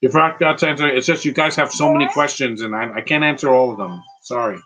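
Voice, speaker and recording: On poor audio, a man offers casual live commentary on movies, rambling as he answers viewer questions with quick takes. His medium-pitched voice is bright and forceful.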